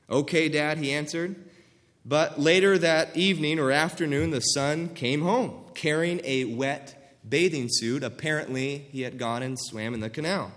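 A man's voice: on the high side, normal speed, fairly bright tone. Earnest male preacher in a reverberant hall. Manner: earnest, acts out quoted voices with rising emphasis. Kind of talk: sermon.

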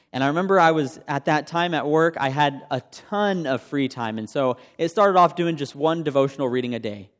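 A young man preaching a sermon, sharing his own testimony in a conversational way and asking the congregation questions. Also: mid-range voice. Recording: long hall reverb.

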